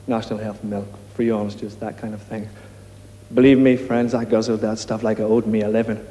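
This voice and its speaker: A man's voice: on the low side, little pitch movement, a little fast, dark tone, roomy sound, big-room sound, a little hiss or hum, close to an everyday voice. An actor playing a male sinner confessing in a manic, comic babble in a sketch comedy.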